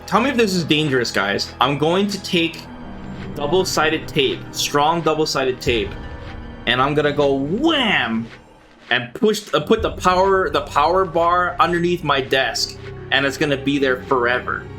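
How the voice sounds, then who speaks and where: A gaming streamer talks casually to viewers mid-play, rambling and swearing freely, with faint music behind. His voice runs a little high and a little slow, animated and sharp in tone.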